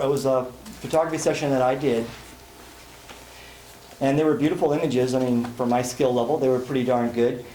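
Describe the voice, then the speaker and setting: In a conference hall before an audience, a man with a mellow, mid-range voice runs a live sales seminar. He tells folksy, self-deprecating stories laced with jokes. The hall is echoey, with faint room noise.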